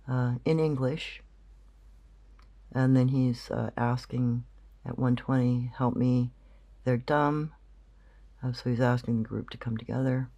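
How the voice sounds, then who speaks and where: A man's voice: mid-range voice, little pitch movement, measured pace, creaky, dark tone. A man explaining a recording in casual commentary, rambling and thinking aloud with many fillers. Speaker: channel host.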